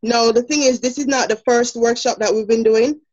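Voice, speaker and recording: A woman's voice: fairly high pitch, steady tone, fairly quick, darkish tone. Jamaican woman, teacher, step-by-step explaining, many ums, muffled lo-fi audio. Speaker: teacher presenting a lesson. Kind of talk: demo lesson presentation. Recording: dull lo-fi sound.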